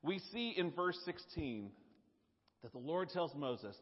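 A male preacher talks in a lively, swooping, slightly high voice with a husky edge. He speaks conversationally, with fillers and repeats, and a long hall echo and a dull, lo-fi sound surround him. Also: slow pace. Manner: animated, conversational, with fillers and repetition. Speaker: pastor. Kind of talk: sermon.

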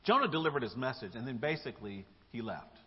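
Animated preacher in an echoing church. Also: male voice, mid-range voice, fast, husky. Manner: animated storytelling with casual slang. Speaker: pastor. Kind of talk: sermon. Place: church sanctuary. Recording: dull live church recording with long hall echo.

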